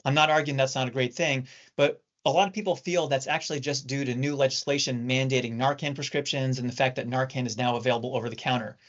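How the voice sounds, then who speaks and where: Male surgeon, middle-aged, measured teaching lecture, mid-pitched voice, muffled audio. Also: steady tone, a bit bright. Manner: measured, explanatory. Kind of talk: recorded training talk for nurses. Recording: dull lo-fi recording.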